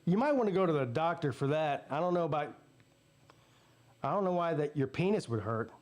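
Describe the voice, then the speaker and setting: A man's voice: fairly high pitch, animated, brisk, darkish tone. A man hosting a live football watch party, giving blunt, profane play-by-play between fired-up rants. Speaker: sports channel host.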